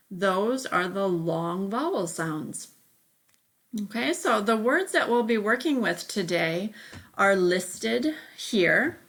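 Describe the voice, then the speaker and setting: A woman teacher leads a remote phonics lesson at an unhurried, deliberate pace. She explains each step patiently, checking in with a frequent "okay" as she moves along, her voice sitting at a middle pitch. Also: lively intonation, vocal fry, fairly bright tone.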